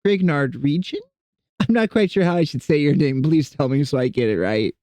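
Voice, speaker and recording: A man's voice: on the high side, sing-song, fairly quick, warm tone, dry recording. A man streaming and chatting casually with his viewers, rambling and self-deprecating as he greets people in chat.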